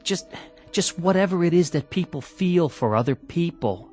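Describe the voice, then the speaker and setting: A man's voice: on the high side, expressive, moderate pace, darkish tone, faint music behind, lightly acted. A man playing a frank, weary factory technician who talks in a plainspoken, exasperated way. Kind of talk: 1960s radio drama acting.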